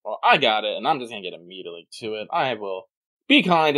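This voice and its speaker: A man co-hosting a podcast in casual chat, making wry, deadpan jokes. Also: fast talker, no echo, studio quality. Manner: wry, deadpan jokes and lively swings in pitch. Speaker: podcast co-host.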